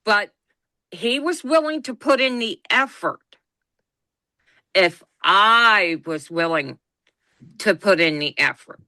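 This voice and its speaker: A woman's voice: medium pitch, slow pace, long pauses, dry recording. A middle-aged woman, telling a personal story on a podcast and acting out the quoted lines as she goes. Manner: animated retelling, acts out quoted dialogue. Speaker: podcast co-host.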